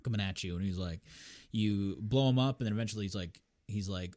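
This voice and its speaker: A man co-hosting a casual podcast chat, eagerly retelling a video game and acting out its characters in quick voices. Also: fairly low pitch, a little mellow. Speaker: podcast co-host.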